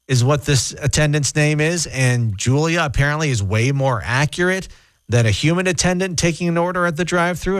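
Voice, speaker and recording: A man hosts a morning radio show with a chatty, joking manner. His voice moves lively up and down, in a dry studio with no room sound. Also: a little high, dry recording. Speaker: radio host. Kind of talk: casual morning radio chat.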